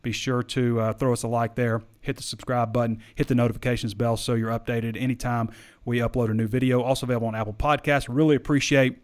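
A man's voice: mid-range voice, level tone, quick pace. A man hosting a sports podcast, chatting casually and answering listener questions in a rambling, hesitant way, his voice wearing thin. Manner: rambling, hesitant, repeats himself.

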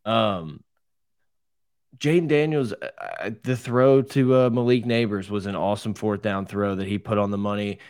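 A man's voice: on the low side, moderate pace, darkish tone, smooth, dry recording, clean studio sound. A man co-hosting a podcast, giving opinionated football takes in a rambling casual way. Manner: opinionated, rambling, restarts often. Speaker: podcast co-host. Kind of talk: casual sports chat.

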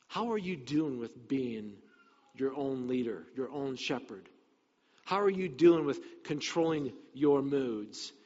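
A man preaching a sermon to a congregation, animated and full of rhetorical questions, swinging from emphatic to hushed. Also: on the high side. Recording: muffled sound with long reverb.

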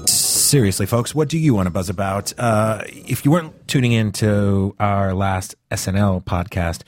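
A man's voice: on the low side, normal speed, faint music behind. A man from the northeastern United States hosting a podcast, talking casually and rambling with lots of fillers and restarts. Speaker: podcast host.

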